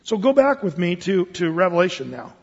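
A man's voice: sits high, big pitch swings, fairly quick, vocal fry, darkish tone, slightly rough. A man preaching a sermon as pastor, talking conversationally with frequent restarts and fillers. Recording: dull lo-fi sound with long hall reverb.

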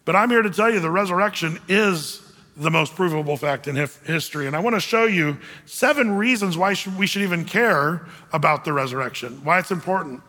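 Male pastor, high and bright, emphatic sermon delivery in an echoing hall. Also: lively intonation, brisk. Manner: emphatic preaching with dramatic quoted voices.

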